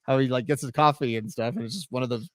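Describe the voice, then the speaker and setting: A man's voice: mid-range voice, fast talker, no room sound, clean studio sound. A man co-hosting a music podcast in casual chat over a remote call, hedging his points with many restarts and you-knows. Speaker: podcast co-host. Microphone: remote call mic.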